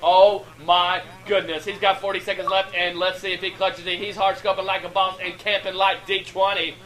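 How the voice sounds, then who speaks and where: A man giving excitable, profane, joking play-by-play commentary over an online shooter match. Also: sits high, normal speed. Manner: excitable, hyped, laughing, swearing freely. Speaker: gameplay shoutcaster.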